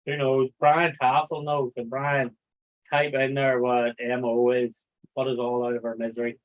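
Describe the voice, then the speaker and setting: Tinny, phone-like audio carries an unhurried man's voice, medium in pitch with little variation. He's hosting a relaxed livestream, wandering from topic to topic, swearing freely and reading chat messages out loud.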